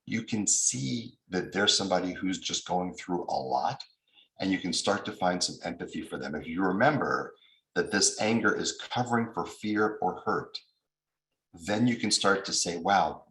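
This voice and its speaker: Deep-voiced American man lecturing. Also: lively intonation, moderate pace, a bit bright, roomy sound, rough recording. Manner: explains with examples, acts out quoted angry voices. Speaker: mediation trainer. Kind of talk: recorded lecture.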